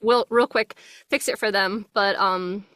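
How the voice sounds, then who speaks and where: A young woman from New Jersey with a subtle New Jersey accent, a voice actress chatting casually as an interview guest from her home closet studio, friendly and quick to laugh. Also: medium pitch, steady tone, fairly bright tone, dry recording.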